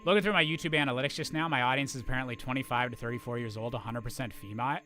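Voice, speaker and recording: A man's voice: medium pitch, racing, pushed and bright. A man streaming a game and chatting casually with viewers, rambling upbeat with lots of restarts and fillers, with faint game music behind him. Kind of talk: casual chat while gaming.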